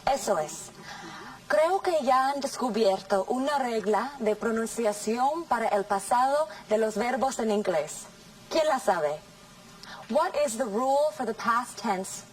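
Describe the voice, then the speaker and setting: A woman teaching English in a scripted classroom lesson, saying model sentences slowly and carefully. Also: fairly high pitch, lively intonation, far from the mic, rough recording. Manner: slow, careful, over-articulated model sentences.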